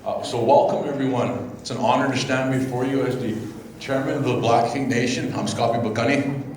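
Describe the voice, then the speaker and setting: Man giving a halting welcome in an echoey hall. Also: mid-range voice, a little mellow. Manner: halting and reflective, with many fillers. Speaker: tribal chairman giving a welcome. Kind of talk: informal welcome speech. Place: indoor event hall. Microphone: speaking without the mic. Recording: very echoey hall, faint background hum.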